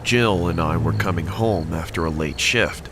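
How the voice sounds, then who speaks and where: A man reads a scripted horror story in an even, measured delivery. His voice sits very low with a gravelly edge, and steady noise runs underneath. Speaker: story narrator.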